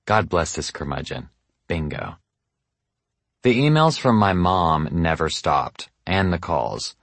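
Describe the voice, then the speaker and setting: Deep-voiced man narrating a memoir. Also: sing-song, slow, no echo. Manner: earnest, self-deprecating storytelling.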